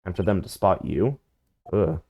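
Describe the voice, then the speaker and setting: A man's voice: deep voice, moderate pace, dull audio. A man reading game dialogue aloud in a dry, wry tone during a playthrough.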